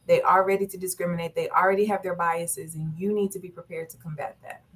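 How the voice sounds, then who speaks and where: A woman's voice: lowish voice, level tone, fast talker. A woman real estate agent guest on a podcast, giving firm, direct advice. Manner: firm, advisory. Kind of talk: podcast interview.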